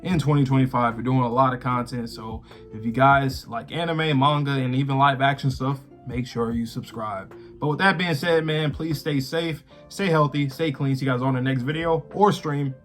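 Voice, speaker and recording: A man's voice: mid-range voice, steady tone, normal speed, few pauses, faint music behind. A man co-hosting an anime reaction talk, chatting loosely and laughing often. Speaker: co-host of anime reaction channel. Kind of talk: casual chat.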